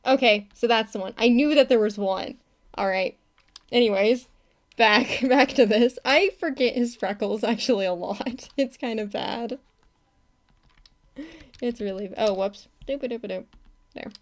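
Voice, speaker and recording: A young woman from the United States chats casually while she works on an animation, her voice sitting a little high. She talks in a loose, rambling way, laughing often and restarting her sentences. Keyboard typing can be heard now and then behind her. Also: measured pace. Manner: chatty and giggly, with frequent laughs and self-corrections. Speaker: animator streaming her work. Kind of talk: casual live-stream chat while drawing.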